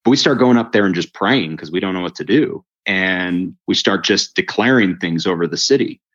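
A man telling his faith story in a conversation, lively, acting out the voices of the people in it. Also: low-pitched, normal speed, highs cut off. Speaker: guest telling his testimony. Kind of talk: storytelling interview chat.

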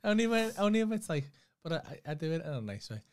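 A man's voice: on the high side, big pitch swings, racing. A man co-hosting a comedy podcast, swearing freely and acting out quotes in casual banter. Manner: swears freely, laughs often, acts out quotes.

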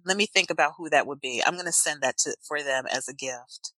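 Bright-voiced woman with New Jersey accent. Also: deep voice, fairly quick, no room sound, low-quality recording. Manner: animated, playful, chatty. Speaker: podcast guest, podcaster. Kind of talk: casual podcast chat.

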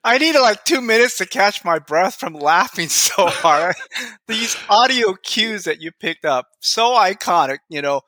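A man's voice: high-pitched, sharp tone, no room sound. A middle-aged man chatting as a guest in an interview, rambling with many fillers and chuckling. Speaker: guest author. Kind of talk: casual interview chat.

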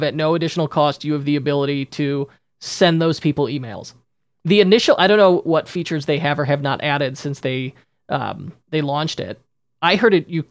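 A man's voice: a little high, dry recording. A man hosting a podcast, talking in a casual, rambling way with many restarts and fillers. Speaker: podcast host. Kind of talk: casual chat.

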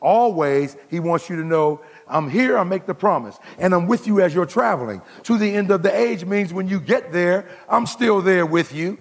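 Gravelly high-voiced preacher. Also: male voice, lively intonation, normal speed, hardly any pauses, in a large hall. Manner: preaching with call-outs to the congregation, swinging from loud to hushed. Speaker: pastor. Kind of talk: sermon.

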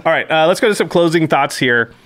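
A man's voice: fairly high pitch, quick pace, dry recording. Chatty male podcast host, dry sound. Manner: chatty and animated, with filler words. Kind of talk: casual podcast chat.

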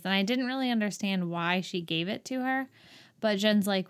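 A woman co-hosting a podcast, recapping a movie scene in a casual, incredulous, animated way. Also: medium pitch, a little slow, clean tone. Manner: exasperated, incredulous, animated storytelling. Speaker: podcast co-host.

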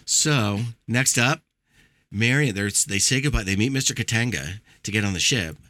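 A man's voice: fairly low pitch, normal speed, bright, forceful tone, dry recording. A middle-aged man hosting a casual movie chat, telling a story with a lot of swearing and acting out quotes.

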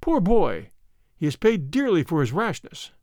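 A man's voice: a little high, very animated, measured pace, dry recording, studio quality. A man reading an audiobook voices a scheming stepmother whose sweetness hides something wicked. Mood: sharp. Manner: falsely sweet, then sharp. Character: sly scheming stepmother, soft-spoken, secretly wicked. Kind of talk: audiobook character voice.

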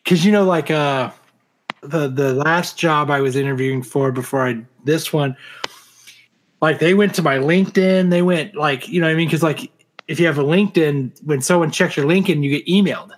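A man's voice: fairly high pitch, normal speed. A man co-hosting a podcast in casual banter, rambling and cracking dry jokes. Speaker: podcast co-host.

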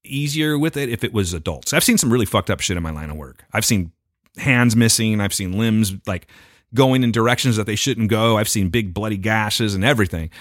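A man's voice: on the low side, brisk, no room sound, clean studio sound. A man casually telling a story on a podcast, cursing freely and acting out the people in it. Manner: profane, animated retelling with put-on quotes. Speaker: podcast co-host.

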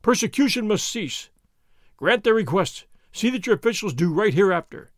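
A man voicing a proud, commanding elderly nobleman who speaks forcefully. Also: sits high, expressive, moderate pace, no echo, clean studio sound. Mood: stern.

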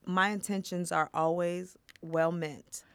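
A woman's voice: lowish voice, steady tone, slow, a bit bright, smooth, dry recording. A woman speaking bluntly and frankly in casual chat, with plenty of swearing. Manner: blunt, frank, profane, emphatic.

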